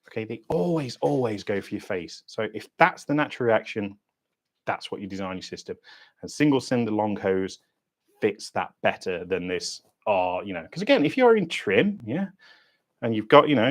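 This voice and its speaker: A British man hosting a diving channel's livestream Q&A, talking bluntly in sweary, matey banter with lively swings in pitch and loudness. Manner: animated, lively ups and downs in pitch and loudness.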